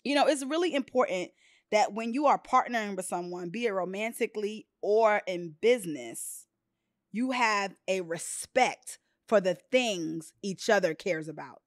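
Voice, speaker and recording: A woman hosting a podcast, chatting casually and telling personal stories with expressive, quoted voices. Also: mid-range voice, moderate pace, no room sound, studio quality. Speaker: podcast host. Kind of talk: casual chat.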